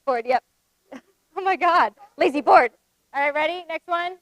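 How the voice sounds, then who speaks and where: High bright-voiced woman leading a group game. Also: no echo. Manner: brisk, directive, quick to give instructions. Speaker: workshop facilitator.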